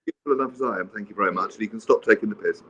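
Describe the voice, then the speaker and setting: Quick deadpan man on a muffled line. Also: fairly low pitch, breathy edge. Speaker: radio co-host. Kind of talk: casual radio chat.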